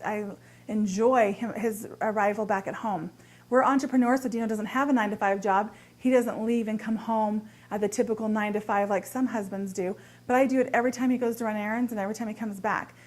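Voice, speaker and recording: A woman speaking as a marriage and body language coach, giving expressive, upbeat advice straight to camera. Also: a little high. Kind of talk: direct-to-camera advice talk.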